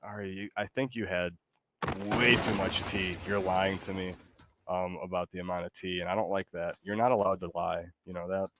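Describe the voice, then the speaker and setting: A man with a fairly low voice chats casually during a game stream. He talks hesitantly, trailing off and restarting his sentences with plenty of fillers. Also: steady tone, normal speed, a bit bright, a little hiss or hum, poor audio. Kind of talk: casual gaming chat.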